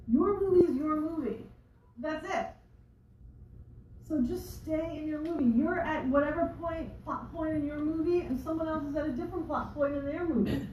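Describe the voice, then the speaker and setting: A woman coach with a high, slightly mellow voice gives a motivational talk to a live audience in a library event room, with slight background noise. She is chatty and rambling, restarting often and adding asides. The mic records from a distance, so the room sounds echoey and her voice far away.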